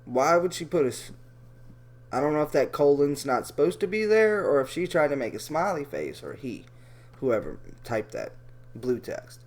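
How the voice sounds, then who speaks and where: A man's voice: fairly high pitch, sing-song, moderate pace. A man giving profane, rambling commentary as he reads out chat logs, ranting and correcting himself as he goes.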